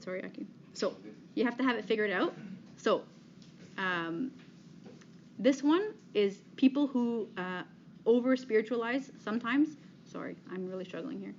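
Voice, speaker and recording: A woman's voice: fairly high pitch, a little mellow. Conversational woman speaker saying "okay?" constantly. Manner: frequent "okay?" check-ins, conversational and direct. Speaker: speaker giving a talk on dating. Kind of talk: talk to a live audience. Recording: slightly dull, faint background noise.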